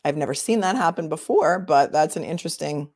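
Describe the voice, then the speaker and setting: A woman's voice: low voice, expressive, brisk, darkish tone, no echo, studio quality. A woman attorney hosting a casual livestream, chatting and answering viewer comments as she thinks aloud.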